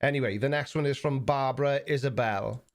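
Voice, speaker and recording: A South Welsh man chats through a live stream at a middling pitch, halting and repeating his words as he goes. His tone is blunt and mocking, in a loose, unscripted flow. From South Wales. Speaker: YouTube live stream host. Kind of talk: casual live stream chat reading viewer messages.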